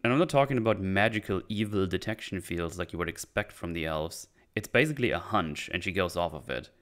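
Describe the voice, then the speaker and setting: A man's voice: sits low, expressive, brisk, a bit bright. A man hosting a casual recap, sarcastic and irreverent as he mocks plot holes. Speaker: channel host reviewing a series.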